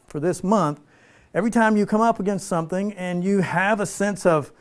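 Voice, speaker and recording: A man leading an informal spiritual teaching for a small group, relaxed and playful, slowing down for emphasis. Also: high voice. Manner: relaxed, playful, laughs often, slows for emphasis.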